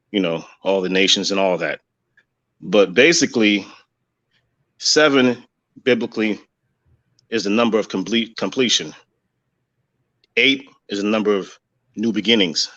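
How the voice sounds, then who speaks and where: Low-voiced man rambling, muffled audio. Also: a bit bright. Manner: rambling, many fillers. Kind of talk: religious commentary.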